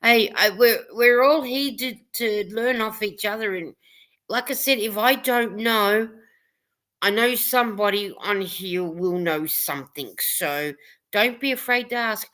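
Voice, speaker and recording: A woman co-hosts a casual live chat, reading viewer comments aloud with easy laughter. Her voice is bright and forward. She talks in a warm, rambling, encouraging way. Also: medium pitch, measured pace. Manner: chatty, reads comments aloud, laughs often. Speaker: livestream co-host reading chat.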